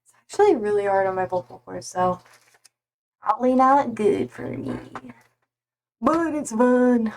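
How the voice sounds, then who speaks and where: A woman's voice: fairly high pitch, measured pace, pauses often, a little hiss or hum. A young adult woman chatting casually on a live stream from home, loose and a little sweary as she greets viewers by name.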